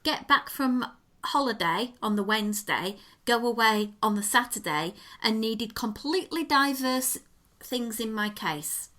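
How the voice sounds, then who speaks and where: Woman, bright voice, animated storyteller, casual podcast chat. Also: fairly high pitch, measured pace. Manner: animated storyteller, lively and expressive. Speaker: podcast co-host.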